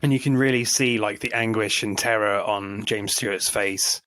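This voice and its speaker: A man's voice: on the low side, normal speed, no room sound. A man co-hosting a casual film review podcast, laughing often between his points. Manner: laughs often, relaxed banter. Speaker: podcast co-host.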